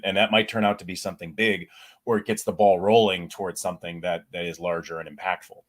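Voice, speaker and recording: A man's voice: sits low, fast talker. A male podcast host asking questions in casual conversation, animatedly voicing imagined thoughts. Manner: animated, voices quoted thoughts. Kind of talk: casual interview.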